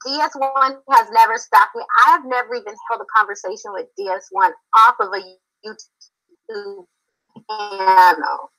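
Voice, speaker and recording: A woman's voice: a little high, sing-song, moderate pace, vocal fry, sharp tone, low-quality recording. A woman from Philadelphia on a live-stream call, confrontational, emphatic and repeating herself. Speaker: panel guest.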